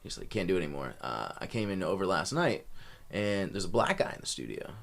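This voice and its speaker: Young man, podcast guest, rambling story, rapid delivery, lowish voice. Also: big pitch swings, creaky, a bit bright. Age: young adult. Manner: rambling, fast, with many restarts. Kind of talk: casual storytelling.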